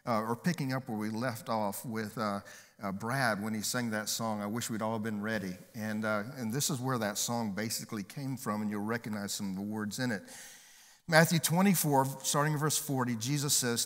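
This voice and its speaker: A man's voice: on the low side, fairly even intonation, normal speed, a bit bright. A man preaching a sermon from a church stage as pastor, upbeat and emphatic, slipping in jokes. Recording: long hall reverb.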